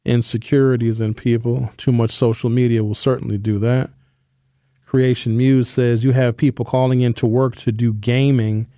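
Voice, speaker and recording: A man hosting a talk radio show, delivering an opinionated, conversational monologue that slows down and speeds up for emphasis. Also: mid-range voice, dark tone, no echo, clean studio sound.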